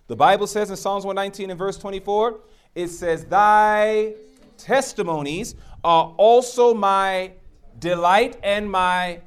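Animated high-voiced male preacher. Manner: emphatic, rhetorical questions to the congregation. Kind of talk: sermon.

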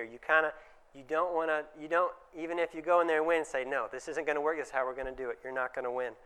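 A man speaks to a room of dentists in a relaxed, conversational way, slipping into quick impressions of parents and patients. His voice sits a little higher than most men's and sounds smooth and resonant. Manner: conversational, acts out little dialogues with changed voices. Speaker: dentist giving a presentation. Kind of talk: conference talk to dentists.

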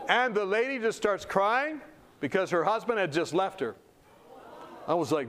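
Animated storytelling preacher, lively pitch. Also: male voice, moderate pace. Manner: animated, acts out dialogue. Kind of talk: sermon storytelling.

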